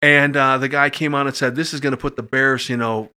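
A middle-aged man, a podcast guest, telling a personal story in casual talk and acting out the voices when he gets excited. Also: medium pitch, a little fast, smooth.

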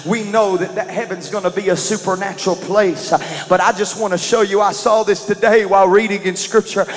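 A man preaching a sermon in a church, moving from shouted calls to praise into relaxed, conversational explanation of scripture. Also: high-pitched, brisk, long reverb tail. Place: church sanctuary.

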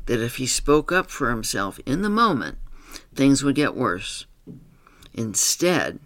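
A man working as a therapist, reading aloud a written story about a client in a calm, measured, explanatory way. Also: mid-range voice, dry recording.

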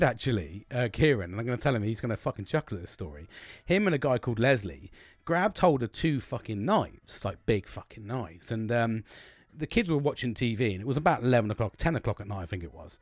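British man, forties, rambling storyteller with a very lively pitch that swings high and low, constant swearing, dry close recording. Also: no echo. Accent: British English. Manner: rambling, heavy swearing, laughing asides. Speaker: podcast host. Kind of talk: casual storytelling.

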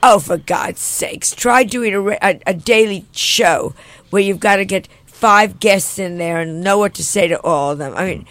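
An older woman guest in an interview, brash and joking with quick comebacks. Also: medium pitch, a bit bright, no echo.

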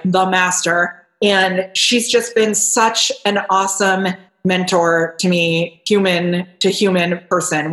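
A woman's voice: lowish voice, fairly bright tone. A woman being interviewed on a podcast, talking casually and with enthusiasm, often restarting her sentences. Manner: bubbly and enthusiastic, with frequent restarts. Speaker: podcast guest. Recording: roomy echo.

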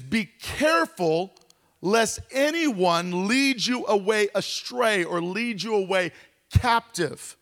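A middle-aged male pastor leads a Bible study with a notably high-pitched voice. He talks conversationally and doubles back on his words as he works through each point. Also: a bit bright. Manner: conversational, repeats words while explaining.

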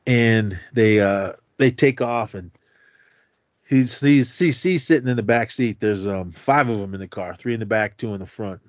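A man's voice: on the low side, measured pace, no echo. Man animatedly recapping a film plot. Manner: animated retelling, acts out quotes. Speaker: podcast co-host. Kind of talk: casual movie recap. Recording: slightly muffled, dry sound.

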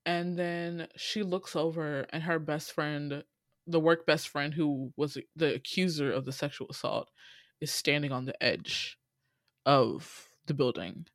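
Animated woman recapping a drama, dry sound. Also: a little slow, no room sound. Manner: animated storyteller, acts out quotes with big pitch jumps. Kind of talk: casual chat recapping a drama series.

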